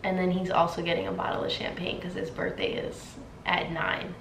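A woman's voice: on the low side, monotone, vocal fry, fairly bright tone. A young woman vlogging from her home in a chatty, sassy way, putting on a British accent. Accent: put-on British. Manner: chatty, sassy, slow and drawn out. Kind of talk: casual vlog chat. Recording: roomy echo, faint room noise.

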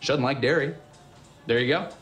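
A man's voice: medium pitch, brisk, fairly bright tone, faint music behind, close to an everyday voice. An actor playing a defensive young man who insists he knows his girlfriend, in a film comedy scene. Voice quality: indignant, defensive.

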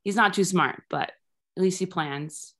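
A woman in her thirties doing a rambling, deadpan stand-up set over Zoom. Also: on the low side, measured pace. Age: 30s. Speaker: stand-up comedian.

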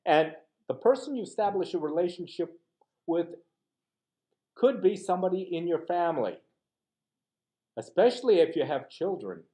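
A male teaching pastor leads a Bible class in a lively, conversational way, with his pitch swinging widely. His voice sits a bit high for a man. He keeps asking his listeners rhetorical questions and acts out little quoted exchanges as he goes. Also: moderate pace, pauses often. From United States.

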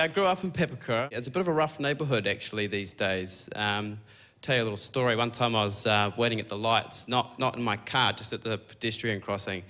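Young man, New Zealand accent, deadpan stand-up, halting with fillers, mid pitch, audience laughter audible behind. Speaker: stand-up comedian. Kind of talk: stand-up comedy set. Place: comedy stage before a laughing audience. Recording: clear audience noise behind.

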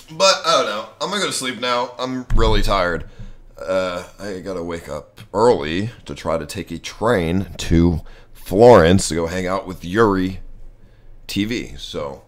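A young man live-streaming in casual, profane chat, talking to himself excitably. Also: low voice.

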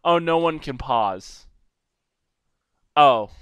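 A young man giving goofy, rambling solo commentary over a video game, now and then breaking into loud silly shouting. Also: a little high, lively intonation, drawn-out words, clear, resonant tone, dry recording. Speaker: gameplay commentator. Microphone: desk microphone.

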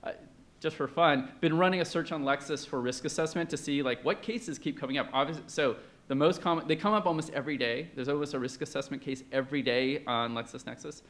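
A man's voice: on the high side, fairly quick, fairly bright tone. A man presenting at an academic conference in a conversational way, with many fillers and questions put to the audience.

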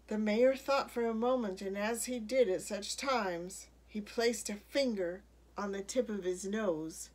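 This is a woman's mid-range voice telling the story of a children's picture book, reading in a careful, expressive way.

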